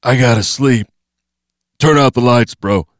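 A man voicing a feverish, volatile young man in an audiobook, talking loud and strained. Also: mid-range voice, a little slow, no echo, clean studio sound, voice pushed up, lightly acted. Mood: exhausted. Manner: loud and strained, turning from rage to pleading.

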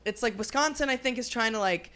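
Profane, bright-voiced woman co-host. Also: fairly high pitch, quick pace. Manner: crude, profane, rambling. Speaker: podcast co-host. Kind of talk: casual chat.

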